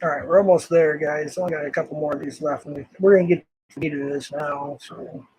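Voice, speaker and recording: Older man, husky, fairly high voice, angry, swearing, live stream commentary. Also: steady tone, a little fast, darkish tone, no echo, poor audio.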